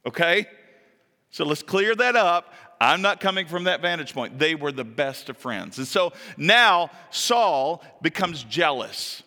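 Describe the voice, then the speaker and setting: A man preaching, retelling a story with lively emphasis. His pitch leaps up and his voice grows louder when he acts out characters' words. His forceful, bright tone rings out in a hall with a long reverb. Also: unhurried. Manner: animated storytelling, acting out quoted lines with sudden high pitch. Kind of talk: sermon.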